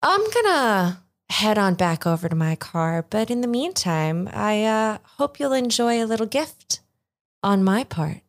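A woman's voice: medium pitch, big pitch swings, a little slow. A woman voicing a mocking outlaw woman. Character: sardonic adult female outlaw leader.

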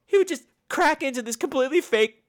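Snarky podcast host, male, high and animated, campy sarcastic review delivery. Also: fast. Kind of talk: casual spoken review.

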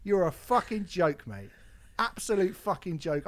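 A man's voice: high voice, sing-song, unhurried. A man co-hosting a music review show, swearing freely and ranting in a casual chat. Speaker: album review co-host.

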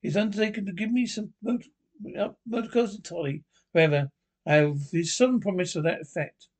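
A man's voice: high voice, a little fast. A man voicing a stern elderly male badger who lectures firmly, in a storybook reading. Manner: lecturing, firm.

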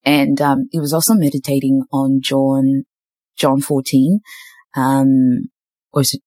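Young aussie woman, really deep voice, dry close sound, chatty and open, lots of ums. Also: level tone, measured pace, mellow, no room sound. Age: young adult. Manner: candid, faith-filled storytelling with lots of fillers. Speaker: podcast host. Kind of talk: casual chat.

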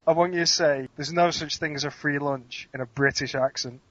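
A young man co-hosting a casual podcast chat, laughing often and breaking into rapid strings of denials, speaking into a cheap handheld mic. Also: a little high, steady tone, a bit bright. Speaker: podcast co-host. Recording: dull lo-fi home mic.

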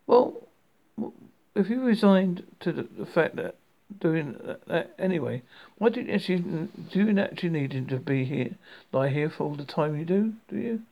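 A man reading aloud plays a coolly persuasive schemer who lays out his reasoning patiently, a touch higher than the narration. The voice has a gravelly edge throughout. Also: very animated, moderate pace, dull audio. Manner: patient, smoothly reasonable, slightly raised pitch. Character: calm, persuasive man talking his way round an official.

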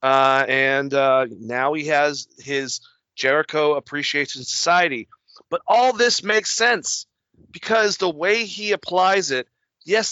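A man hosting a podcast, talking in a rambling, animated way and swearing often. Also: fairly high pitch, no echo, lo-fi sound. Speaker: podcast host. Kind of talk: casual wrestling talk.

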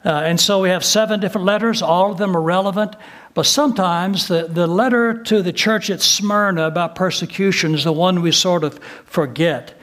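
An older man preaching a sermon, his voice sitting a little high for a man. He talks in a relaxed, folksy way, dropping in light humor and plenty of "uh" as he goes. He speaks as a retired pastor addressing a congregation. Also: moderate pace. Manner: folksy, with frequent "uh" fillers and gentle humor.

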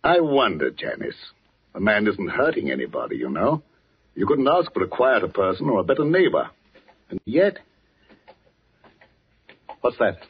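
An actor playing an elderly village vicar, earnest and fretful with a formal manner, in 1940s radio acting. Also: male voice, fairly low pitch, sing-song, normal speed, long pauses, husky, heavily acted. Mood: worried. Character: elderly male village vicar, anxious and gentle. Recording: lo-fi old radio recording.

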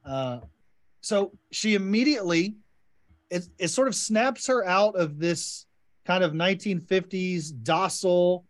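A man's voice: high-pitched, unhurried. A man hosting a podcast, enthusiastically discussing a short story and guiding the talk with questions. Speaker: podcast host. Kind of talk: casual literary discussion.

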